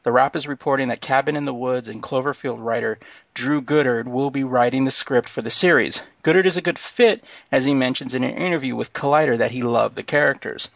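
A man co-hosting a podcast, reading entertainment news in a casual, excited way with lots of fillers and laughs. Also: medium pitch, brisk, gravelly, dry recording, highs cut off. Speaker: podcast co-host.

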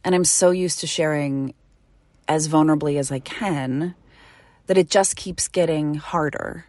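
A middle-aged woman talks into her podcast microphone in a low, earnest voice. She speaks from the heart and sometimes drops to a near whisper. The sound is close and dry. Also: dry recording. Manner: earnest and heartfelt, slowing to a soft whisper at tender moments. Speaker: podcast host. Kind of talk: intimate solo podcast monologue. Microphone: studio microphone.

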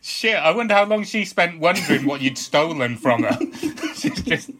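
High, bright-voiced man co-hosting. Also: animated, slight background noise. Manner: quick reactive interjections and teasing questions. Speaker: podcast co-host. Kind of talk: casual chat.

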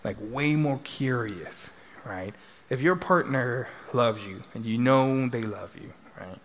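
A man's voice: mid-range voice, expressive, takes it slowly, a little hiss or hum. A middle-aged man, a couples therapist speaking to a live audience in a chatty way, tagging sentences with "right?". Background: audience laughter.

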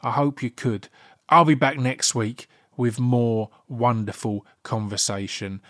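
A man's voice: mid-range voice, steady tone, a little slow, fairly bright tone, dry recording, studio quality. A man, from Thurrock, hosting a podcast in a chatty, enthusiastic, rambling way. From Thurrock, Essex, England. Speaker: podcast host. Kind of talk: casual chat and podcast outro.

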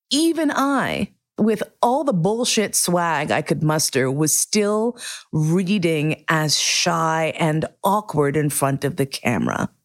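A middle-aged woman hosting a podcast, telling a candid, profane personal story with lively acted-out quotes. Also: on the low side. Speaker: podcast host.

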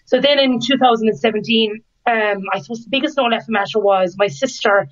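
A woman's voice: on the high side, brisk. A woman in her thirties, a podcast guest, telling a candid personal story with frequent laughter and acted-out quotes. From Ireland. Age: 30s. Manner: lively, laughs often, acts out quoted lines. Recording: dull lo-fi sound.

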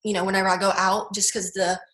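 Speaking fast in a mid-range voice that's a bit bright and shows little pitch movement, this young woman shares her personal testimony as an interview guest. She's heartfelt and earnest, using lots of "like" and "you know," with roomy echo in the recording.

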